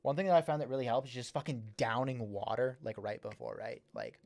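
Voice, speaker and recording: Very animated and a little fast, this young man's mid-range voice is gravelly yet a little mellow. He hosts a livestream reviewing music submissions, offering casual, meandering feedback on a song with lots of fillers and repeated words. His S's are slightly slurred, which he acknowledges himself.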